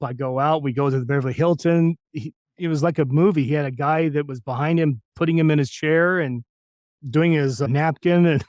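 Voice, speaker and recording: Animated male voice actor telling stories. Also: fairly high pitch, dry recording, clean studio sound. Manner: animated anecdote teller who acts out quotes. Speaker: voice actor guest. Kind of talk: storytelling in a podcast interview.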